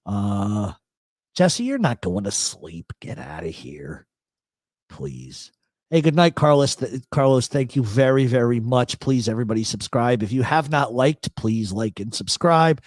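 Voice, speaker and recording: Lively, profane male livestream host. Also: mid-range voice, normal speed, dry recording. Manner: rambling, profane, joking. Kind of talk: casual livestream chat reading comments. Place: apartment in a big city.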